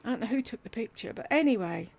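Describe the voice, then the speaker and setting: A middle-aged woman YouTuber tells a candid family story from her life, with wry humour and the occasional swear word. Her voice is on the high side, gravelly and darkish, with lively intonation and a fast pace. She records on a desktop USB mic.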